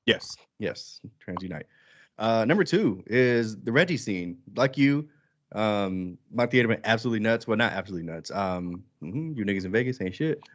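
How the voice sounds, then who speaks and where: A man co-hosting a podcast in casual chat, animated and quick to act out quoted lines. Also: fairly low pitch, muffled recording. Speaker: podcast co-host.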